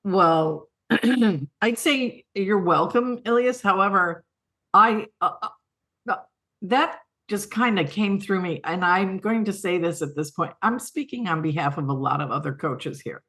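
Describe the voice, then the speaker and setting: A woman's voice: medium pitch, measured pace, fairly bright tone. A middle-aged woman, a guest on a podcast, speaking in an earnest, heartfelt way and laughing often. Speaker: guest, coaching academy co-founder. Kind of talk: podcast conversation.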